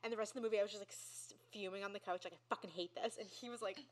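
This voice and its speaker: A young woman co-hosting a podcast who talks quickly at an ordinary middle pitch. Her casual storytelling is expressive and exasperated. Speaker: podcast co-host. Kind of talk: casual chat.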